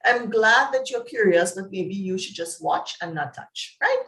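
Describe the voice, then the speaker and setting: Trinidadian lady psychologist chatting in an interview, animated storyteller, lots of pitch jumps, echoey room. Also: moderate pace. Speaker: psychologist guest. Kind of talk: conversational interview.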